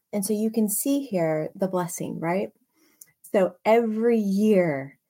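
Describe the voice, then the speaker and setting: A woman leading a casual Bible study, reading scripture aloud with expressive emphasis and chatty asides. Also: medium pitch, husky. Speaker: Bible teacher.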